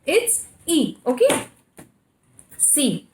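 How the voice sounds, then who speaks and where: A woman's voice: high voice, huge pitch swings, darkish tone. A woman with an Indian English accent teaching a kindergarten phonics lesson, spelling words out letter by letter and answering her own questions. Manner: slow, spells letters one by one, asks and answers herself. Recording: echoey room.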